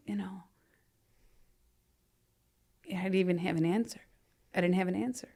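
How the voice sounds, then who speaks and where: A podcast guest in her thirties recounts her own life candidly in a brisk, chatty way, leaning on "you know" and letting sentences fade to a near-whisper. Her lowish voice is creaky and fairly even in intonation, broken by long pauses.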